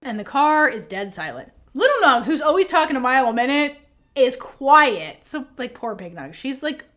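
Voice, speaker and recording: Podcast co-host, woman, high-ish and very lively delivery, casual recap chat with acted-out quotes. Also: normal speed. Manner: animated, acts out characters' lines with lots of swearing and laughter.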